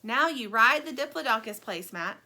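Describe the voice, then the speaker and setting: Woman doing a shrill bossy rubber toy. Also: animated, fairly quick, bright, forceful tone, exaggerated voice.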